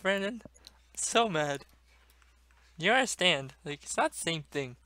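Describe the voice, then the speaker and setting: A young man ranting about a gaming loss, swearing a lot, swinging between loud outbursts and low muttering. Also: normal speed. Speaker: gaming vlogger. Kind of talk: venting rant to camera.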